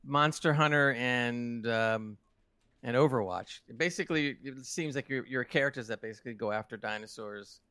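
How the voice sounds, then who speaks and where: A man's voice: medium pitch, moderate pace, sharp tone, clear, resonant tone, no room sound. A British man co-hosting a gaming podcast, rambling through the week's game news with restarts. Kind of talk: casual chat.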